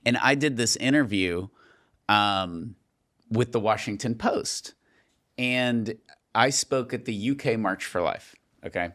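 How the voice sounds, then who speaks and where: A man hosting a podcast, telling stories in a casual, animated way and laughing often. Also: fairly low pitch, slow. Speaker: podcast host. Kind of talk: casual conversation.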